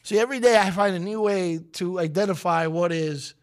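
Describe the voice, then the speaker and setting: Raspy, jokey male radio host. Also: brisk. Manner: jokey, rambling, sometimes drops to a low corporate voice. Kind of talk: casual morning show banter.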